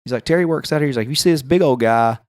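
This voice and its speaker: A man with a Tennessee accent tells a story on a casual podcast at a rapid clip. He is animated and jumps into other people's voices as he goes. The sound is dry and close. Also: mid-range voice, no room sound. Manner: animated, acts out quoted voices. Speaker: podcast host.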